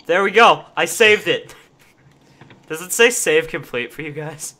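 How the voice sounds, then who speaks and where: A man's voice: on the high side, animated, sharp tone. A man running a game server, chatting and joking casually with friends while playing. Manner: joking, teasing, quick back-and-forth. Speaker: server owner and group leader. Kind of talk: casual gaming chat.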